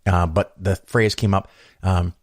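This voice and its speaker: A man's voice: low voice, flat delivery, a little slow, no room sound, clean studio sound. A middle-aged man hosting his own podcast, telling a story and musing aloud in a chatty way, acting out the voices of people he quotes. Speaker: podcast host. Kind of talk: casual solo monologue.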